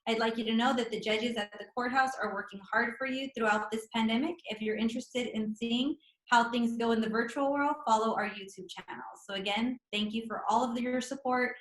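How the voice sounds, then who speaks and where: A woman's voice: fairly high pitch, steady tone, fairly quick. A woman, a judge, reading a polite, scripted video greeting. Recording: echoey room.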